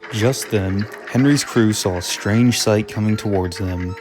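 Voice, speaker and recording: A man reads a storybook tale in a steady, measured voice pitched on the low side. Music plays clearly under the narration. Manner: steady storyteller reading with dramatic pauses.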